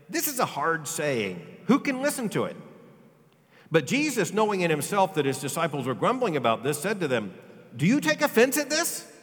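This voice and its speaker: A male pastor preaching a sermon, swinging from loud, emphatic high lines to quiet, low ones. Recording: long reverb of a large hall.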